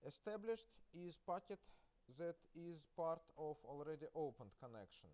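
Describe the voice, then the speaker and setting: A man with a Russian accent, a native Russian speaker, gives a university lecture in English, pausing often with filler sounds and restarting words. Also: a little high, expressive, mellow. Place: lecture hall.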